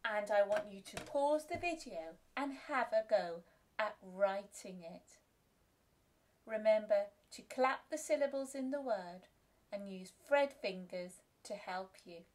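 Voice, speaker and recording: A woman teaching a phonics lesson to young children, slowly sounding out letters and syllables in a clear, patient way. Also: mid-range voice, lively intonation, darkish tone. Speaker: reception class teacher.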